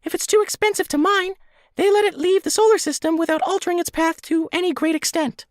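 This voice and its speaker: A man voicing a small, eager male alien tutor creature with a squeaky, helium-balloon voice. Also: steady tone, brisk, no echo, studio quality. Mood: excited.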